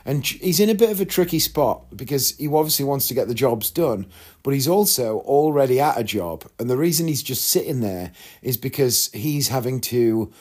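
A man's voice: mid-range voice, expressive, normal speed, a little mellow. A man in a casual vlog, telling a long story frankly and chattily, rambling with asides and acting out what other people said. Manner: chatty, candid, rambling with asides and quoted voices. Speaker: vlogger.

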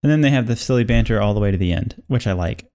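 A man co-writing a comedy sketch in casual chat, relaxed and thinking aloud. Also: fairly low pitch, very fast. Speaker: sketch co-writer. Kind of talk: casual script workshop chat.

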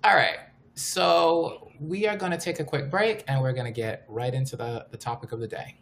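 A man's voice: mid-range voice, fairly even intonation, normal speed, vocal fry, a bit bright, slight background noise. A man co-hosting a podcast, talking casually and animatedly, joking and laughing easily. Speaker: podcast co-host. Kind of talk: casual chat.

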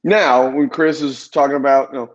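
A man's voice: mid-range voice, steady tone, normal speed. Young man telling a crude story, lo-fi. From Ohio, US. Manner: storytelling, swearing, teasing. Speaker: podcast co-host. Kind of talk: casual chat. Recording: dull lo-fi sound.

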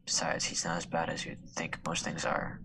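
A man reading the lines of a calm, kind girl spirit in a hushed, soft way. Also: rumbling low, moderate pace, creaky, noisy background. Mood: reassuring.

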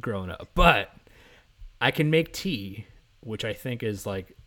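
A man's voice: on the low side, animated, unhurried, sharp tone. Joking man hosting a podcast. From East Coast of the US. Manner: joking, teasing, laughs often. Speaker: podcast host. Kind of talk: casual chat.

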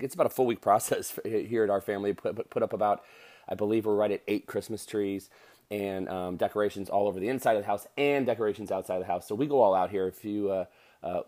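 A man's voice: lowish voice, a little mellow. A man in his thirties giving a casual motivational monologue to listeners, rambling with many fillers and restarts.

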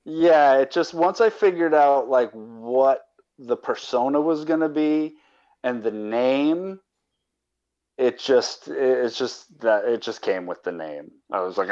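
Brief: male podcast guest, mid pitch, rambling, muffled lo-fi sound. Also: animated, slow, darkish tone. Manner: rambling, restarts a lot. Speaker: caller and guest. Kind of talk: casual podcast interview.

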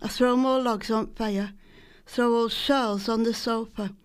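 A woman's voice: on the high side, fairly even intonation, measured pace, smooth. A woman from Salford with a Lancashire accent, reading her own poems in a homely storytelling manner. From Salford, England. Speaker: poet. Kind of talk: poetry reading.

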